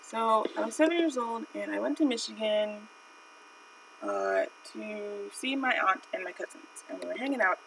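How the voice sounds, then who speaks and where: Chatty woman with a gravelly voice. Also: medium pitch, very animated, moderate pace, distant mic, noisy background. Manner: chatty, rambling, lots of "like" and "you know". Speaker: art streamer. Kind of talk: casual live-stream storytelling.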